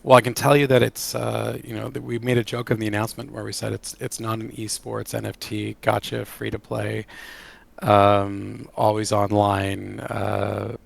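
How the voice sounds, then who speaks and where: Gravelly low-voiced man, enthusiastic. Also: normal speed. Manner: enthusiastic and animated. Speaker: game creative director. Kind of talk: casual interview answers.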